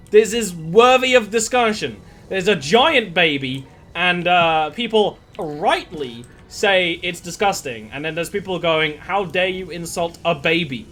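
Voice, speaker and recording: A man's voice: high voice, sharp tone. A man streaming a game, chatting casually and rambling from one tangent to the next in a self-deprecating way. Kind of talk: casual gameplay chat.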